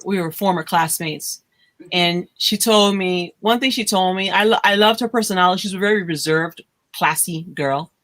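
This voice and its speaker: A woman hosting a casual podcast chat, telling stories and acting out the voices of people she quotes. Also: on the low side. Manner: animated storyteller, acts out quoted voices. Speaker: host.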